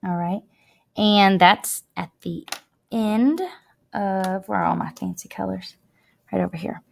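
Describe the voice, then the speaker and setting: Woman teacher, mid-pitched, chatty and emphatic, talks students through a writing lesson. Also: steady tone, creaky. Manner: chatty, emphatic, drawn-out words when demonstrating. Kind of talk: classroom writing lesson over screen recording. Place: at a computer, recording her screen.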